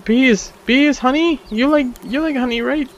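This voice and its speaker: Panicky high-voiced man gaming. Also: moderate pace, highs cut off. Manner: panicky, exclamatory, talking to himself. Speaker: gamer. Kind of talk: let's play commentary.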